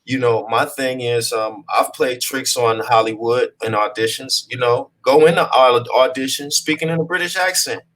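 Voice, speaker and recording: A man of ordinary pitch talks easily as an interview guest. His delivery is loose and conversational, and he keeps checking in with his listener. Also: moderate pace, hardly any pauses, a bit bright. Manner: laid-back, peppers talk with "you know what I'm saying". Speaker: actor being interviewed.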